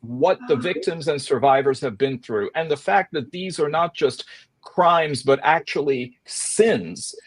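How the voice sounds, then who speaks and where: A man's voice: a little high, no room sound. Dry-voiced wry male panel host. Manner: halting, many filler sounds between phrases; wry, sardonic asides. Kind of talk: panel discussion of weekly news.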